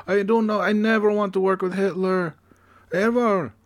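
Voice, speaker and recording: A man's voice: steady tone, moderate pace. A man putting on a revived Italian dictator with a mock Italian accent, fawning and grateful. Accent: put-on Italian. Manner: high, loud, strained mock accent.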